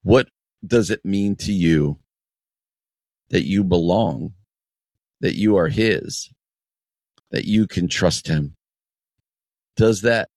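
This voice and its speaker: Guy preaching a devotional on the radio, really slow and deliberate, earnest, keeps repeating lines for emphasis. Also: deep voice, a little mellow, dry recording.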